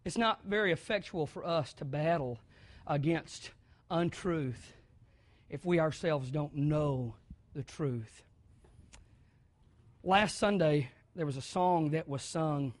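A man from the American South preaching a sermon, moving from quiet, conversational talk up to loud, shouted preaching. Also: fairly high pitch, slow pace, pauses often, no room sound.

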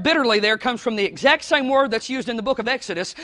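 A man delivers a sermon in a very high, bright voice. He works like a storyteller, dropping low and quiet, then rising into shouted lines. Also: expressive, quick pace, hardly any pauses. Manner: storytelling preacher, swinging between hushed and shouting. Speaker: pastor.

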